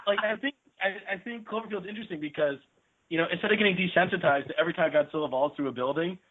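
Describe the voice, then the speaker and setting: A man's voice: high-pitched, racing. A man rambling through a casual movie discussion, full of "like" fillers and restarts. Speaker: podcast panelist. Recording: tinny phone-like lo-fi sound.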